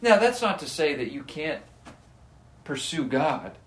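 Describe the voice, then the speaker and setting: A man preaching a sermon in a slow, deliberate cadence, his voice sitting a little high for a man. He is earnest and emphatic, leaning on key words. The sound carries a roomy echo. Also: very animated, a bit bright. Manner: earnest, slow and emphatic, reads scripture aloud. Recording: echoey room.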